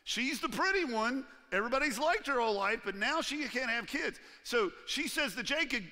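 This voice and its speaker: A man preaching a sermon as pastor in a church, animated and acting out the voices he quotes. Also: very high voice, normal speed, hardly any pauses, long reverb tail. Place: church sanctuary.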